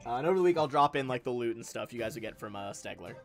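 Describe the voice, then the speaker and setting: Gravelly-voiced male game master. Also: mid-range voice, animated, rapid-fire, soft background music. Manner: casual and rambling, with many fillers. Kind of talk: narrating a tabletop game on a live stream.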